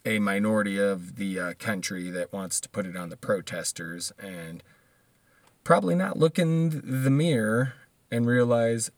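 A man's voice: fairly low pitch, moderate pace, no echo. Profane ranting man. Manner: profane, laughs often, trails off and restarts. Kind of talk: casual ranting monologue.

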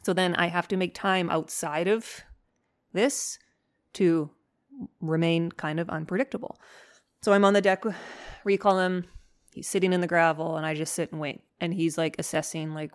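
A woman dog trainer hosting her podcast, telling stories in a casual, animated way, swearing freely and acting out her own lines. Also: on the low side, normal speed. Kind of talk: casual storytelling monologue.

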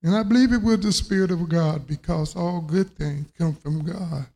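A man giving brief, halting remarks at a funeral service in a church. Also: on the high side, darkish tone. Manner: slow, halting, unhurried. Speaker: funeral speaker.

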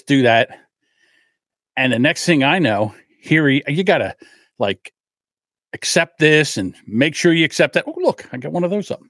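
A man's voice: mid-range voice, no room sound, studio quality. A man hosting a podcast, telling a casual story, acting out the voices in it and swearing freely. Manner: animated, acts out voices in his anecdotes; swears freely, self-deprecating about his temper. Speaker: podcast host.

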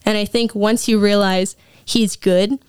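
A woman's voice: mid-range voice, fairly even intonation, a little slow, a little mellow, clear, resonant tone, no echo, studio quality. A young woman, a Bible school student, giving an earnest, emotional personal testimony as an interview guest, often saying "like". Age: young adult. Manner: earnest, emotional, frequent "like" fillers.

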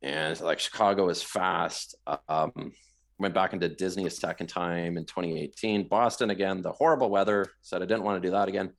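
Gravelly-voiced Canadian man telling running stories. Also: sits low, a little fast. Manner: animated storyteller who shouts out quoted lines. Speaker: guest, marathon runner. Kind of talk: storytelling in a podcast interview.

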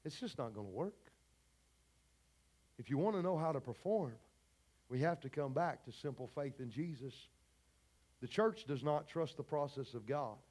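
A man's voice: mid-range voice, animated, moderate pace, pauses often, darkish tone. A man preaching a sermon to his congregation in a fervent, folksy way, speaking straight to the people in the pews. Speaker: pastor. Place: church service before a congregation.

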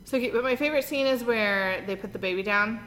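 A bubbly woman in her thirties chatting casually, her voice bright and forward. She laughs easily and tells stories with animation. The room rings with a long echo, and a faint hiss sits underneath. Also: a little high, fast talker. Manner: bubbly, giggly, animated retelling. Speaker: podcast co-host. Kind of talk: casual chat. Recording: roomy reverb with faint noise.

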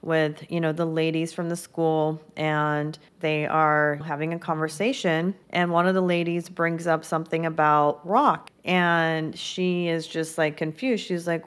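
A woman's voice: low voice, steady tone, measured pace, few pauses, clean tone. A woman hosting her own podcast, recapping a TV episode in a chatty, upbeat way and acting out the characters' lines as she goes. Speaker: podcast host. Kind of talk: casual solo podcast recap.

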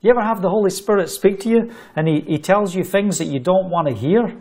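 Man with a higher voice preaching. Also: a little fast. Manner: animated storytelling with fillers. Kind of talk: sermon testimony.

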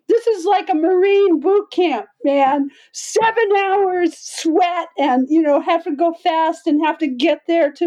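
Woman guest, high mellow voice, vivid storyteller who acts out quotes with laughter. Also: low-quality recording. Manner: animated, acts out quoted voices with big pitch jumps; laughs often while talking. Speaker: podcast guest. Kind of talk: storytelling in conversation.

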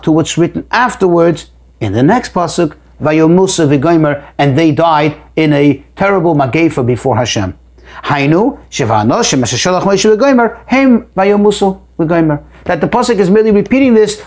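Male teacher with a higher voice who works through a text phrase by phrase and repeats words as he thinks. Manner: reads a phrase aloud, then explains it in plain words; repeats words while thinking, lively rises for emphasis. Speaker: Torah teacher. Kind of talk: line-by-line text study lesson.

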